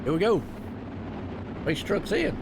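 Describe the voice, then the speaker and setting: Excitable folksy race caller. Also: male voice, high voice, a little slow, noisy background. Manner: excitable, folksy, loud bursts on big moves. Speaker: race commentator. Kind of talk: sim racing play-by-play commentary.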